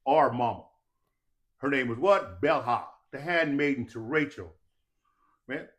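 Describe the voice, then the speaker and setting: A man's voice: mid-range voice, unhurried, fairly bright tone. A man telling stories as a podcast guest in casual talk, profane and preachy, often stopping to ask if listeners understand. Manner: profane, preachy, keeps asking "you understand that?".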